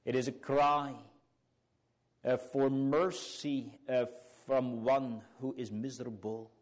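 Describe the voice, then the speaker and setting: A man's voice: medium pitch, steady tone, slow. A man preaching a sermon, earnest and fervent, with old biblical phrasing and rising exclamations.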